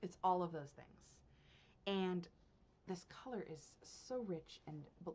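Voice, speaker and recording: A woman's voice: on the low side, normal speed, a little hiss or hum. Gushing woman with a dull lo-fi sound. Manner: gushing, excitable, laughs often, swings from hushed to loud. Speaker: knitting podcast host. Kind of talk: casual unboxing chat to viewers.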